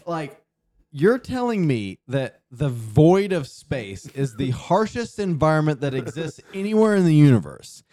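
A man in casual podcast chat, sarcastic and animated, swearing heavily as he mocks. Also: on the high side, a little slow, dry recording, studio quality.

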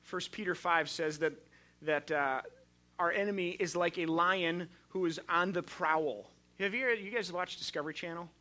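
A man's voice: high voice, moderate pace, pushed and bright. A male pastor preaching a sermon in a conversational, storytelling way, often restarting his sentences.

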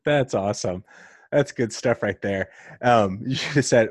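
A man's voice: mid-range voice, a little slow, no room sound. A man hosting an interview, chatting casually and laughing a lot at his guest's stories. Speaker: interview host.

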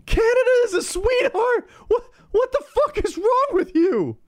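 A man's voice: very high-pitched, expressive, a little slow, pitched above the performer's own voice. A man playing America as a furious, tearful man who screams threats and sobs declarations of love. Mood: enraged, weepy. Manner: screaming, sobbing, swearing.

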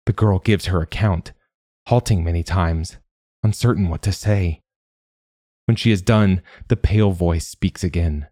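A man narrating a story in a measured, atmospheric reading voice. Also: low voice, mellow, husky, no echo, clean studio sound.

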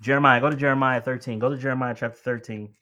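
Very fast and forceful, this preacher's medium-pitched voice stays steady and bright. He treats his listeners like friends, calling them beloved, and swells to emphatic lines before easing off again.

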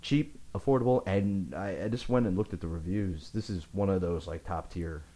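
A man co-hosting a casual gaming podcast, recommending a game with enthusiastic emphasis. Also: moderate pace. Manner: enthusiastic reviewer, animated swings in pitch. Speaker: podcast co-host.

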